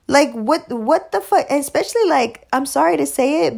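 A woman tells a story in a loose, casual monologue. She swears freely, leans hard on her points and breaks into laughter often. Her voice sits a little high. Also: expressive, moderate pace, vocal fry, hardly any pauses, darkish tone. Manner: profane, emphatic, laughs often. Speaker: parent telling a story.

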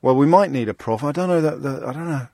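A man hosting a radio phone-in show with a British accent, talking quickly with a wry, teasing manner and frequent restarts. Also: fairly high pitch, animated, dark tone, no echo, studio quality. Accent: British English. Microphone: studio microphone.

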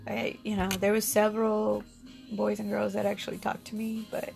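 Gravelly-voiced woman telling her story. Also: mid-range voice, flat delivery, normal speed, over music. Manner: candid, rambling with restarts and fillers. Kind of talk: personal storytelling.

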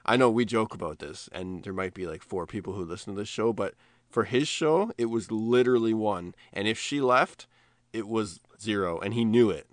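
A very deep-voiced man chatting casually as a podcast co-host. He rambles and restarts, getting animated as he tells a story. The sound is dry and close. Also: moderate pace, no room sound. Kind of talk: casual chat.

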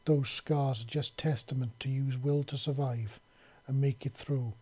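A man's voice: mid-range voice, steady tone, measured pace, husky. A man voicing a huge tender beast-woman. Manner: soft-spoken, broken grammar.

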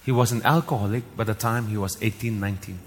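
A man's voice: fairly low pitch, steady tone, fast, husky. A man from Northeast India preaching a sermon as a pastor, emphatic, repeating key lines with rising force. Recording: long hall reverb.

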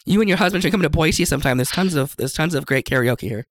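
A man's voice: fairly high pitch, lively intonation, fast. A man from the Seattle area hosting a casual interview, joking and self-deprecating. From Seattle area, USA. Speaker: podcast host.

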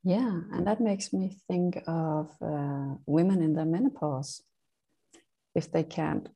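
A woman's voice: sits low, slow pace, gravelly, mellow, slightly rough. A woman from Denmark with a Danish accent, co-hosting a podcast in casual, chatty talk and laughing often. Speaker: podcast co-host. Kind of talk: casual chat.

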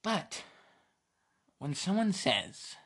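Speaking extremely slowly with big swings in pitch, this US podcast host has a mid-range, somewhat bright voice with a breathy edge. Alone on the mic, he delivers a casual, rambling opinion rant in an American accent, full of jokes, sidetracks, and self-interruptions.

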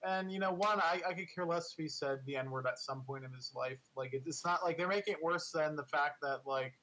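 A man's voice: on the high side, brisk, bright, forceful tone, poor audio. A man co-hosting a podcast in casual political chat, rambling and full of filler words.

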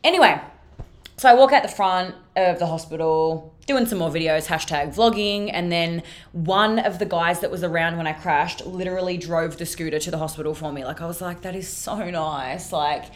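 A woman's voice: fairly low pitch, moderate pace. A young Australian woman hosting a podcast, telling a story in a chatty, sweary way full of "like". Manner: chatty, sweary, filler-heavy with frequent "like". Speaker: podcast host. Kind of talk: casual storytelling monologue.

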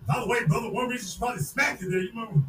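A podcast host, a man, loudly mocking a video in casual commentary and repeating his points. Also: sits high, very fast. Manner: mocking, loud, repetitive. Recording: echoey room, distant mic, faint noise.

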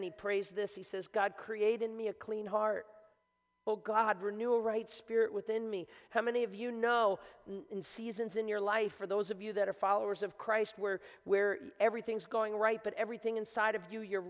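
A man preaching a sermon as pastor, who builds from hushed, quiet passages to loud, urgent appeals and repeats words as he presses his points. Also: high voice, fairly even intonation, moderate pace. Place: church sanctuary. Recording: long reverb of a large hall.

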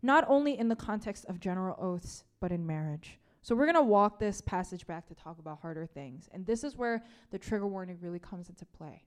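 Her voice on the low side, a woman preacher talks a little fast with few pauses and lively intonation. Her sermon is casual and chatty, filled with "like" and "right?", and she repeats key phrases for emphasis.

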